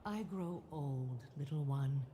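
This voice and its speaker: A woman's voice: low-pitched, expressive, warm tone, a little hiss or hum. A woman voicing an ancient, dying female serpent spirit in a video game cutscene, speaking with solemn tenderness. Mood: solemn, tender. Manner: solemn, slow and tender farewell speech.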